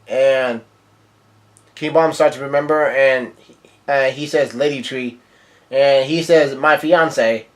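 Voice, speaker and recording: A young man talks through a manga chapter panel by panel in a casual recap. His voice sits a little high for a man. He rambles, fills gaps with "uh" and often restarts his sentences. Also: fairly even intonation, slow, long pauses, a bit bright. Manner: rambling, many "uh" fillers and restarts. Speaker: manga reviewer.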